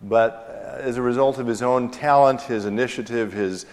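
A man in his forties preaching a sermon as pastor, telling a personal story in a relaxed conversational way with fillers and gentle self-deprecating humor. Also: medium pitch, moderate pace. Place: church sanctuary. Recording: long hall reverb in church.

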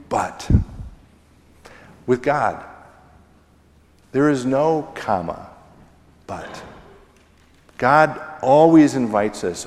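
A middle-aged man preaching a sermon as pastor, slow and deliberate, pausing often and letting his phrases fall away at the ends. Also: medium pitch, darkish tone. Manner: slow, deliberate preaching with pauses and falling endings. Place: church sanctuary. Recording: long church reverb.

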